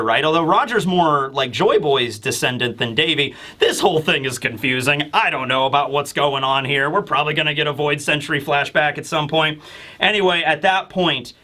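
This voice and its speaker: Excitable, bright-voiced male manga reviewer. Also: a little high. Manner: excitable, rambling, swears casually. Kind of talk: casual chapter review.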